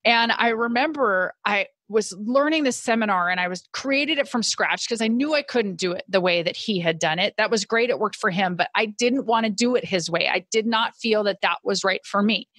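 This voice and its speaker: A woman's voice: medium pitch, normal speed, few pauses, no echo. Middle-aged woman, podcast guest, earnest personal storyteller; dry, close sound. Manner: earnest, animated quoting of her own past thoughts. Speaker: podcast guest, business owner.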